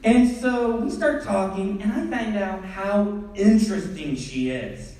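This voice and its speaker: Brief: animated young comic telling a story on stage, voice swooping high and low, far from the mic. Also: male voice, measured pace. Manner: animated, acts out scenes. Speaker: stand-up comedian. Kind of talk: storytelling stand-up. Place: theatre stage. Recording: echoey theatre from far off.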